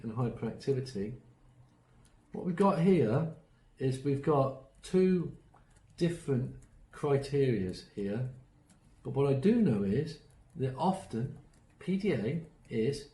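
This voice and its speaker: A dark-toned, medium-pitched male voice comes through a low-quality, reverberant recording. He's presenting an online workshop on autism strategies, sharing anecdotes conversationally, imitating the people he quotes, and often pausing on ums before restarting his sentences.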